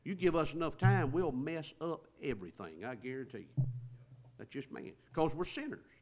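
A man's voice: on the high side, expressive, moderate pace, darkish tone. A man preaching a sermon in a folksy, conversational way, stretching words for emphasis.

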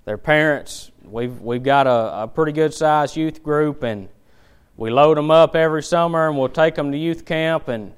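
Preaching at a normal speed, a man uses a slightly high, clear and resonant voice. His sermon leans on homespun stories, and he presses each point with lively, forceful delivery.

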